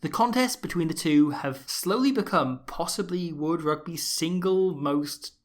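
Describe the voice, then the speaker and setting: A man hosting a scripted rugby analysis video, wry and jokey, with sarcastic asides and bursts of excited emphasis. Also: a little high, a little slow. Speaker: rugby analysis channel host.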